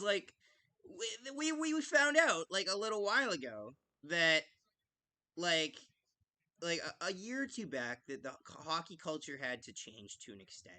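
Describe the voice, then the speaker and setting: A high-pitched man with a bright, tense edge hosts a hockey podcast live. He rants with passion, swears freely and keeps restarting his sentences. His voice swoops up and down as he talks. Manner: ranting, impassioned, frequent "like" fillers and restarts. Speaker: podcast host. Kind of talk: casual live-stream commentary.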